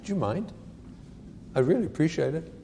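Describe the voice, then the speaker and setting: A man's voice: fairly high pitch, expressive, normal speed, gravelly, dark tone, in a large hall, a little hiss or hum. A man voicing a child who pleads and admits his own faults, in a self-deprecating way. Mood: resigned.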